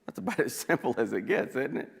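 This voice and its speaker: Animated man teaching Bible study. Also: medium pitch, fast talker, gravelly, slightly rough, big-room sound. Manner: animated, acting out scripture quotes with chuckles. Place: church.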